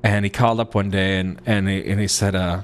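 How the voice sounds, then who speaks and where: A man's voice: low-pitched, level tone, a little fast. Young man telling a rambling comic story. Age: young adult. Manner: rambling, self-mocking, full of asides. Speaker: podcast host.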